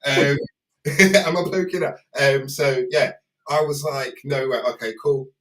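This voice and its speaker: A man of middle pitch chatting casually, sitting back from the microphone in a room that echoes. He tells a story loosely and laughs a lot. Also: fairly even intonation, unhurried, fairly bright tone, recorded from a distance. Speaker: performer co-hosting a livestream. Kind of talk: casual chat.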